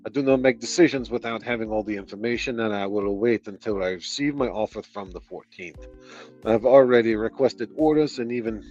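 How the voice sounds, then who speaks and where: A man's voice: on the low side, fairly quick, a little mellow, natural voice. A man voicing a smug, scheming male mercenary commander with a put-on French accent, giving cold orders. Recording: dull lo-fi audio, faint music.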